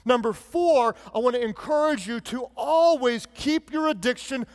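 A male pastor delivers an emphatic sermon in a fairly high voice. His words ring out with a long reverb, as in a large church hall. He preaches with punchy, animated emphasis, sometimes in mock sarcasm and sometimes in earnest. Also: normal speed, hardly any pauses.

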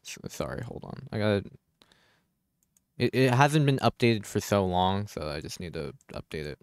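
A man's voice: on the low side, very animated, normal speed, clear, resonant tone, dry recording, studio quality. A man live streaming a game in casual chat, distracted and muttering hold on as he fixes settings, swearing casually and talking back to chat. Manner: distracted, keeps saying hold on while fiddling with settings.

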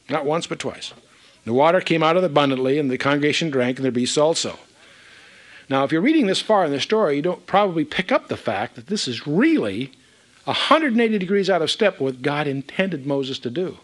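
Animated man teaching the Bible. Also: fairly high pitch, fairly quick. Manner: animated, emphatic, reads scripture aloud with asides.

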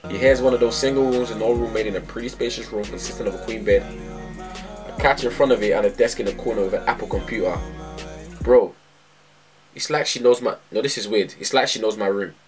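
Young lad reading aloud in a reaction vlog, low voice, animated asides, loud music bed underneath. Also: male voice, quick pace. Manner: animated, laughing, breaks off to comment. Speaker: vlogger.

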